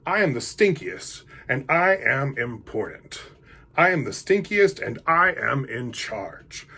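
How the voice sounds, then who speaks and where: A man's voice: medium pitch, sing-song, creaky, bright, forceful tone, husky, exaggerated voice. A man reading a picture book aloud, voicing a pompous, bossy male stink bug who declares the rules. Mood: haughty. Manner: haughty and declaring, slows on key words.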